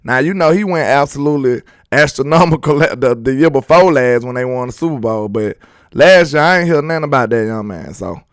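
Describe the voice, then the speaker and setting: A man's voice: medium pitch, expressive, brisk, no room sound, studio quality. A man hosting a sports live stream, chatting casually and reading viewer comments aloud in a laid-back, slangy, joking way.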